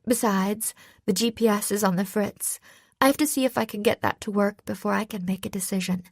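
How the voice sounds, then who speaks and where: A woman voicing a cheerful young female sailor in an audiobook, pitched a little higher than her narration. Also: fairly even intonation, a little fast, slightly rough, no room sound, studio quality. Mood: hesitant.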